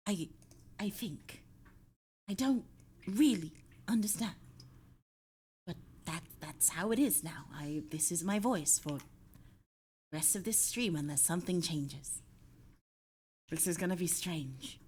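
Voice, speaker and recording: Woman streamer, casual live chat, excitable, swearing, lively pitch, husky tone. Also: takes it slowly, long pauses. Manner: excitable, swearing, thinking aloud.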